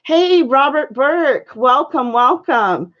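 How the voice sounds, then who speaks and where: A woman with a high voice chats loosely with her viewers while painting live, greeting them by name and filling her sentences with "you know" and "um". Her audio sounds dull and lo-fi, like a home stream mic. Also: lively intonation, slow pace, a bit bright. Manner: chatty, friendly, many fillers, greets viewers by name.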